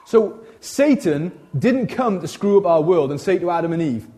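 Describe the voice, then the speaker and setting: A man preaching an informal sermon, animated and chatty, often breaking off into asides and restarting his sentences. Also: high voice, moderate pace. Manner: animated, chatty, frequent self-interruptions and asides.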